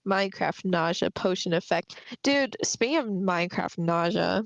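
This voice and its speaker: A woman co-hosting a casual book discussion livestream, chatty and quick to laugh, swearing casually as she recaps. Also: fairly low pitch, animated, gravelly, no room sound, highs cut off. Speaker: podcast co-host.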